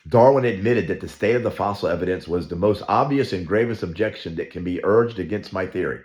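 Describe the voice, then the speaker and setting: A man's voice: mid-range voice, lively intonation, normal speed, darkish tone, reverberant. A man teaching a Bible study, emphatic and opinionated, repeating himself for effect. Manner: emphatic, opinionated, ranting with repetitions.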